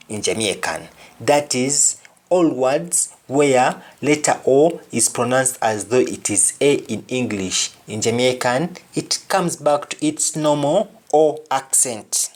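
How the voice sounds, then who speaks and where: Male tutor, slow and deliberate, lively pitch, drilling words in pairs. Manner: deliberate, repeating each word in pairs. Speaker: language teacher. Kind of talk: pronunciation lesson.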